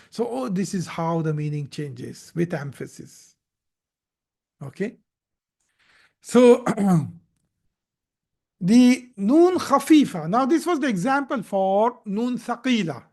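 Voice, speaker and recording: A man teaching Arabic grammar in a live recorded lesson, patiently explaining and repeating verb forms, sometimes stumbling over them. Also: high voice.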